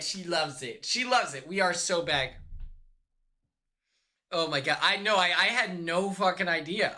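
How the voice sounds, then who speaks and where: Excitable streamer man, bright voice, slow talk. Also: high-pitched. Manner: excitable, swears, laughs often, shrieks when retelling. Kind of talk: casual live-stream chat. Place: hotel room.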